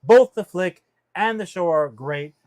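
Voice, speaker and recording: A man co-hosting a casual pop-culture podcast, talking in an animated, profane and rambling way, full of fillers. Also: sits high, unhurried. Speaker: podcast co-host.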